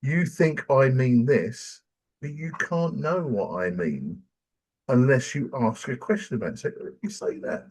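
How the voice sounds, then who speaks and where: Husky older Englishman telling stories. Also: mid-range voice, unhurried. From England. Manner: animated storyteller, acts out quoted voices. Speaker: podcast host. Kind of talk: casual chat.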